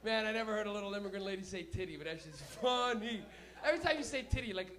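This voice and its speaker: A young man hosting a comedy night and telling stand-up stories in a loud, profane way, breaking into laughter, in a small club. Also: sits high, expressive, fast, a crowd in the background. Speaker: comedy host. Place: small smoky comedy venue.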